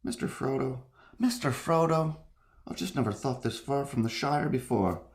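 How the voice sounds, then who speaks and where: A man voicing Samwise, an earnest, loyal young hobbit gardener, in a soft, hushed, wistful way. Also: mid-range voice, normal speed, pitched above the performer's own voice, lightly acted.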